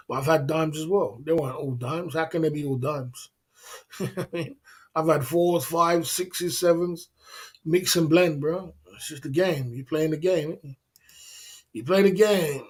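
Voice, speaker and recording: A man hosting a livestream, giving a blunt, repetitive motivational rant with slang and laughing asides. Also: fairly high pitch. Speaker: livestream host. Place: indoors in Thailand.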